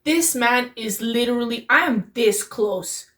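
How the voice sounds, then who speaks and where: A young woman hosting a reaction video, gushing in excitable, slangy exclamations as she reacts. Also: on the high side, measured pace. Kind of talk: excited casual reaction commentary. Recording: distant mic with music playing behind.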